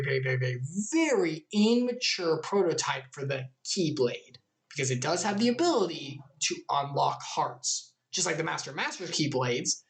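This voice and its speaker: A woman hosting a game lore recap, enthusiastic and playful, often laughing at her own jokes. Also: low-pitched. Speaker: video game lore channel host.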